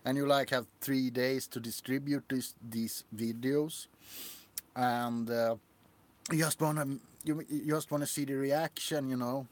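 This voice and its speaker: A man's voice: mid-range voice, steady tone, unhurried. A man hosting a casual livestream, rambling and laughing often as he shows off his figurines. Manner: giggly, rambling. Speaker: livestream host.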